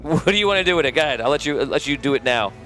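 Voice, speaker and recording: A man runs a tabletop game as game master, describing scenes and calling for rolls. His voice sits a bit high for a man, and his telling is loose and amused. He laughs often as he narrates. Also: expressive, rapid-fire, bright, forceful tone, soft background music.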